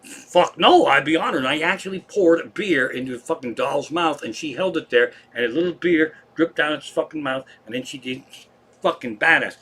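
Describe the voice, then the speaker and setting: A man's voice: fairly high pitch, moderate pace, a bit bright, breathy edge. A man hosting a comedy live stream from home, telling rambling, profane stories in casual chat.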